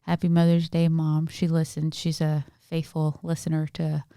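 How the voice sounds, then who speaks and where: Female podcast co-host, low smooth voice, animated joke teller, dry close mic. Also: moderate pace, no room sound. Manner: laughs often, animated joke telling. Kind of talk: casual chat, telling jokes.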